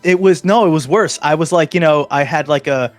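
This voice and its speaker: A man's voice: fairly high pitch, fairly quick. Guy rambling about his tabletop character, lots of restarts, faint music behind. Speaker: podcast host. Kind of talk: casual chat.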